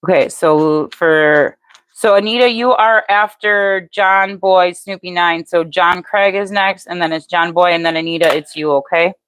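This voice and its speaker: An older woman gives a live-stream tarot reading in a low, fairly flat voice. She talks to her viewers by name in a plain, matter-of-fact way. The sound is dry and close, with no room echo. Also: unhurried, clear, resonant tone. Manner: even, matter-of-fact delivery. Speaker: tarot reader.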